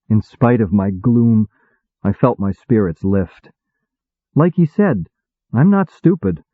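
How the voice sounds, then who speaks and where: A man reading first-person audiobook narration in a measured, wry manner. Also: fairly low pitch, expressive, dry recording. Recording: tinny phone-like dry sound.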